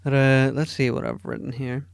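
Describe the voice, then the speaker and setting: A man's voice: medium pitch, flat delivery, moderate pace, gravelly, smooth, no echo, studio quality. A man hosting a podcast alone, rambling casually, swearing often and putting himself down. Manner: rambling and profane, self-deprecating. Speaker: podcast host. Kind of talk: casual solo podcast chat.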